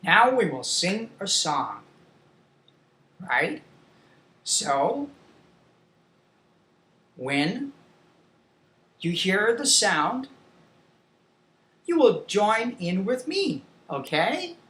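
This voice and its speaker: A woman teaching a beginners' English lesson to young children, slow and clear, with playful animal sounds. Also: mid-range voice, big pitch swings, fairly bright tone. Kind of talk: demo lesson for young learners. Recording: echoey room.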